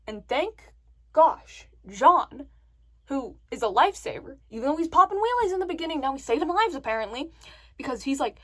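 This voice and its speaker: A woman vlogger telling a story to the camera in a chatty, animated way. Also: high voice, moderate pace. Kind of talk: casual story time.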